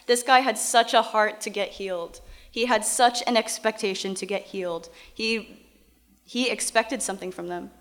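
A woman's voice: mid-range voice, fairly bright tone. A woman teaching from the Bible, reading verses aloud and then explaining them in a casual, conversational way.

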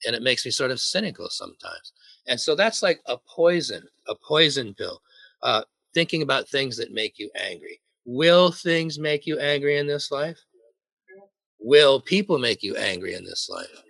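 A man with a bright, forceful voice preaches a sermon. He jokes and keeps putting questions to the congregation. The sound is close and dry, with little room echo. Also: fairly high pitch. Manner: jokey, asks the congregation questions.

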